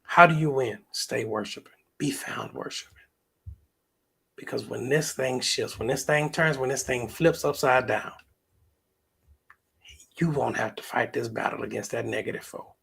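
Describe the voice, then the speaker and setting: A man's voice: mid-range voice, creaky, a bit bright, slightly rough. A man preaching a sermon as pastor, with speech, drawing out scripture quotes and talking back and forth with the congregation. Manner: preaching with call-and-response asides, quoting scripture in a drawn-out sing-song.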